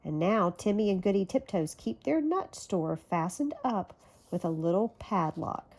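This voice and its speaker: A woman's voice: mid-range voice, very animated, measured pace, a little mellow. Woman reading a children's storybook aloud. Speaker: storybook reader.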